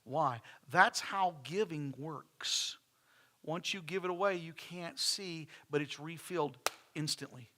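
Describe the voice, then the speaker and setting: A man's voice: fairly high pitch, slow pace, bright, forceful tone, a little hiss or hum. A middle-aged man, preaching a sermon in church with folksy stories and phrases repeated for emphasis. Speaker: pastor.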